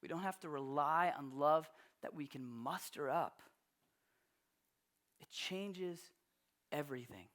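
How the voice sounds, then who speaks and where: A man's voice: on the high side, takes it slowly, long pauses, a bit bright. A man in his thirties from Long Island, New York, preaching a sermon as a pastor in a conversational, storytelling way with frequent restarts.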